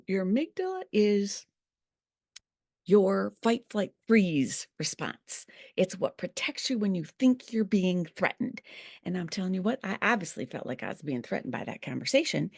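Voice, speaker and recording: Older woman, folksy storyteller vlog, lively and gravelly, dry close sound. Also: mid-range voice, no room sound. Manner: folksy, expressive, shifting emphasis. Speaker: vlogger, bullying educator.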